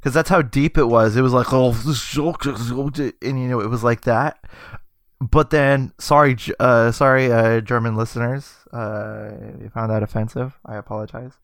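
A man's voice: mid-range voice, fairly even intonation, normal speed, fairly bright tone, no room sound, clean studio sound. A man co-hosting a casual film podcast, chatty and full of trivia, laughing easily. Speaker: podcast co-host.

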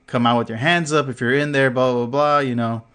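A man's voice: medium pitch, steady tone, a little fast, a bit bright, smooth. A man co-hosting a podcast, telling a story in casual chat, full of fillers, swearing and laughter, acting out what others said. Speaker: podcast co-host.

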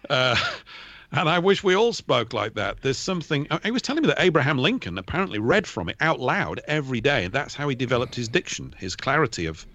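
A man talking as a regular guest on a radio show in a casual, fast, rambling way, calling in over a remote line. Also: mid-range voice, muffled recording. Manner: fast, rambling, animated talker. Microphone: remote call line.

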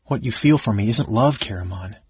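A man voicing a composed, devout young woman cleric who speaks softly and measuredly in an audiobook reading. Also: fairly low pitch, expressive, brisk, husky, no echo. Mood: gentle. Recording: dull lo-fi audiobook recording.

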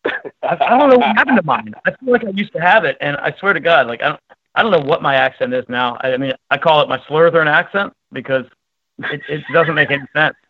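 A man's voice: fairly high pitch, no echo. Rambling, laughing male phone guest. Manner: rambling, self-deprecating, halting. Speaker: guest calling in. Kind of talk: casual interview chat. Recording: dull dry phone call.

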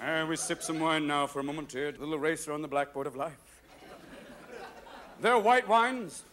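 A man performing live stand-up comedy, talking fast and darting between silly voices. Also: a little high, level tone. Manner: rapid-fire, jumps between silly voices and characters. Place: theater stage before an audience. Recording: live show with loud crowd laughter and hiss.

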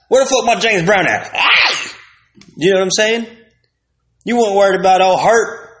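A man hosting a profane, rambling comedic rant full of street slang. His voice sits fairly high and jumps into sudden loud outbursts. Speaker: host.

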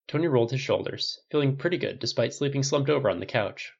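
A man reading a fan fiction audiobook aloud as narrator, in a measured storytelling delivery. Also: medium pitch, creaky. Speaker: audiobook reader. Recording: slightly dull lo-fi recording.

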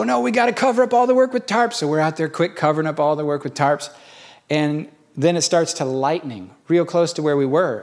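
A middle-aged pastor whose voice is a little high preaches by telling stories in a homespun way. Quoting others brings out sudden animated bursts.

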